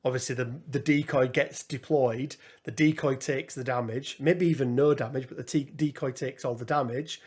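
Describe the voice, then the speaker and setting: Male podcast co-host, mid pitch, musing tabletop gaming chat with restarts. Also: steady tone, normal speed, hardly any pauses, slightly rough. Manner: musing, thinks aloud with frequent restarts and fillers.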